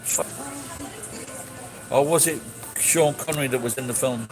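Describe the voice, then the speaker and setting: A streamer answers chat off the cuff, blunt and sweary, rambling and restarting his sentences. His voice is mid-pitched and his pace measured, with music clearly audible behind him over poor audio.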